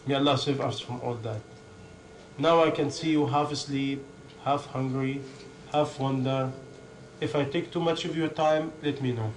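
A man's voice: mid-range voice, fairly even intonation, normal speed, a little hiss or hum, low-quality recording. A man preaching a sermon in non-native English, driving his points home with stacked lists and rhetorical questions.

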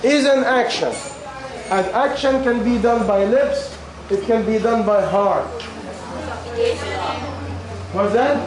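In a very echoey room, a religious teacher with a high voice takes things slowly, leaving long pauses as he runs a question-and-answer class. He repeats questions to his students in simple, broken English while his voice fades. The mic is far away, picking up ambient and crowd noise.

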